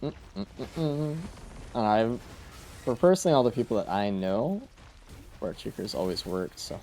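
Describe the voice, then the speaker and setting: A man's voice: fairly low pitch, lively intonation, a little slow, dark tone, a little hiss or hum. A man streaming a game live, chatting casually with viewers in a laid-back, rambling way, trailing off with fillers. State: sleepy, yawning. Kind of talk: casual live-stream commentary while playing.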